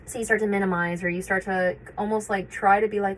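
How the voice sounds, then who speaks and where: A woman's voice: medium pitch, fairly even intonation, quick pace, slight background noise, poor audio. Reflective woman talking casually. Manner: conversational, reflective, frequent fillers and restarts. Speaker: vlogger sharing personal experience. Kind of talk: casual personal talk.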